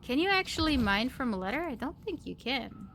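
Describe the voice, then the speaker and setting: A woman's voice: high voice, sing-song, a little fast, a bit bright, slight background noise. A woman live streamer chatting casually with her viewers while gaming, giggly and chatty as she thanks them and reacts to chat.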